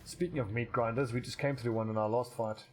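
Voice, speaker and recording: A let's play commentator gives casual, rambling commentary as he plays a strategy game, with faint music behind him. His medium-pitched voice is steady and brisk, and he swears casually and keeps restarting his sentences.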